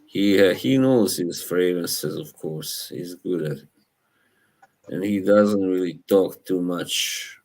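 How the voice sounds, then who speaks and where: A young man with an Eastern European accent, hosting a casual live chat, relaxed and halting, laughing often. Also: sits low. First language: Slavic language. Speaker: livestream host.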